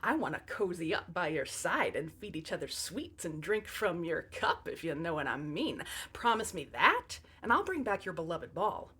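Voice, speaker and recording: A woman's voice: lowish voice, sing-song, normal speed, hardly any pauses, fairly bright tone, husky, pitched below the performer's own voice, full character voice. A woman voicing a sleazy, scheming male frog who talks in a crude, smug drawl. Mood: leering.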